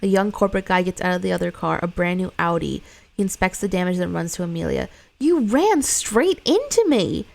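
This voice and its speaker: A woman's voice: lowish voice, flat delivery, quick pace, vocal fry. A woman reading a screenplay aloud, stage directions and all, breaking off for blunt, sweary side comments. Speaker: script reader.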